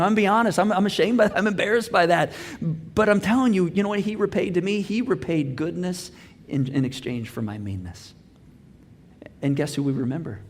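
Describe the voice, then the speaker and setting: A man preaching a sermon as pastor, telling a personal story with lively acted-out dialogue. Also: high-pitched, big-room sound, slight background noise. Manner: animated storytelling, acts out dialogue. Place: church auditorium.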